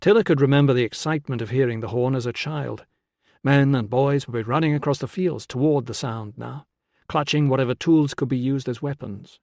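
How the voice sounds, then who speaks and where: A man narrating an audiobook in a measured, even storytelling manner. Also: mid-range voice, gravelly, no room sound. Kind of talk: scripted narration. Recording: dry close studio sound.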